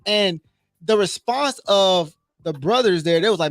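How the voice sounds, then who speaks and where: A man from Inglewood, California telling a personal story in a casual chat, animated, swearing freely and acting out what others said. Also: sits high, a little slow, no room sound.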